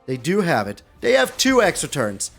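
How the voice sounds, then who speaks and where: A man giving live gameplay commentary as a card game streamer, animated and repeating his phrases with lots of mild swearing. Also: a little high, normal speed, vocal fry, soft background music.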